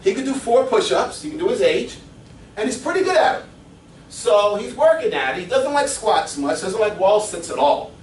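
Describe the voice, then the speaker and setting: A middle-aged man with a slightly high voice gives a seminar talk as a fitness coach, full of lively personal stories and easy chuckles. He sounds distant from the mic, and the echoey room carries a faint hum of ambience. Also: moderate pace. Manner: animated storyteller, chuckles often.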